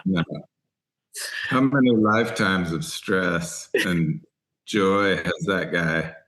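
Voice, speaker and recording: Middle-aged man from Texas, low voice, animated storyteller who acts out the lines of people in his tales, relaxed interview guest. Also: slow pace. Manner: animated anecdotes, voices other people in quotes. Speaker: podcast guest, writer and angler.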